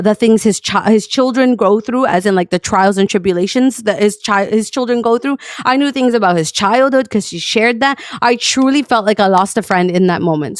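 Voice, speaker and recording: A woman's voice: a little high, no echo, clean studio sound. A woman streamer ranting to her chat, heated and profane, with sarcastic outbursts. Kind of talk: storytime rant to stream chat.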